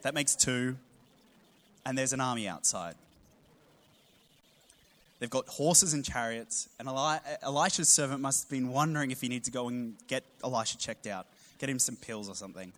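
A man, preaching a sermon with humorous storytelling and animated emphasis. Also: mid-range voice, normal speed. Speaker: pastor.

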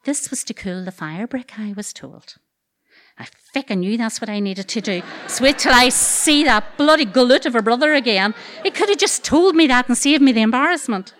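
A woman with a Northern Irish accent tells a true story live on stage, wry and earthy with comic asides. Her voice sits fairly high, and she swears freely without any fuss. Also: animated, moderate pace, a bit bright, a little hiss or hum.

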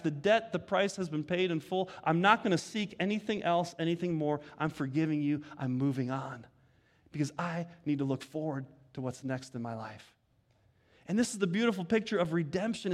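A pastor preaching an earnest sermon that rises to emphatic peaks. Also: male voice, high-pitched.

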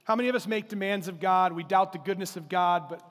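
High-voiced pastor preaching in a reverberant hall. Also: male voice, quick pace. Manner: animated preaching with acted-out quotes. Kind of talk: sermon. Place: church sanctuary.

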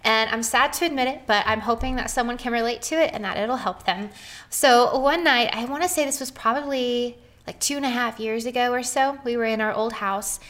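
Earnest, animated woman telling a story. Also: on the high side, a little fast. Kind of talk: personal story on a podcast.

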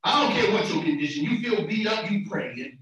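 A male pastor preaching fervently, his voice high, bright and lively as it climbs into shouts and drops back down. He repeats words and phrases to drive his points home. He sounds distant from the mic in a heavily echoing room. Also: a little fast. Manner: fervent preaching that swings from soft talk to shouts. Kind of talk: sermon.

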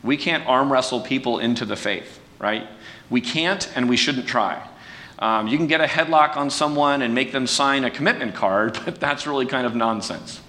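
A man preaching in a relaxed, conversational way, folksy and self-deprecating, with restarts and fillers. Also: normal speed. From California. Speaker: pastor. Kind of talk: conversational sermon talk. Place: church sanctuary. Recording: distant mic with long hall reverb and faint rumble.

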